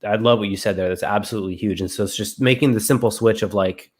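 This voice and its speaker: A man's voice: fairly low pitch, fairly even intonation, fast. A man who is a returning guest in a casual discussion, talking eagerly and conversationally and often saying "like.".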